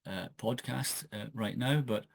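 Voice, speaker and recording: A man's voice: medium pitch, measured pace, creaky, dry recording. A Scottish man, an author hosting his own channel, talking casually and hesitantly with many fillers and restarts, recorded on a laptop microphone in his home office. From Scotland. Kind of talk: casual solo podcast talk. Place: home office with wooden desk. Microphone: laptop built-in microphone.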